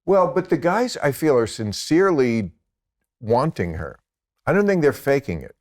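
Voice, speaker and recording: A man's voice: medium pitch, very animated, normal speed, a little mellow. An American man in his sixties, a comedian talking as a guest in casual chat, sardonic and profane, with laughing asides.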